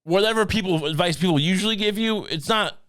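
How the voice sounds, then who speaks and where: A man's voice: high voice, quick pace, fairly bright tone, no room sound, clean studio sound. A man co-hosting a podcast, rambling and joking, often laughing through his lines. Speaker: podcast co-host. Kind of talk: casual chat.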